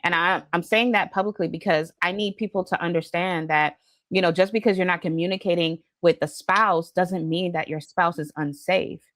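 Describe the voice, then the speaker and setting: A woman's voice: fairly low pitch, fairly even intonation, normal speed, dry recording. A woman hosting a podcast, asking questions and reflecting earnestly, with many fillers. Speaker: podcast host. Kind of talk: conversational interview.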